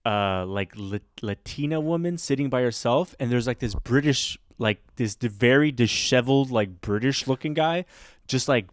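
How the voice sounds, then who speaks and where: A man hosting a podcast, telling a bar story in a rambling, animated way with lots of fillers. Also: mid-range voice, normal speed, no room sound, studio quality. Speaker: podcast host. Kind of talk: casual storytelling chat.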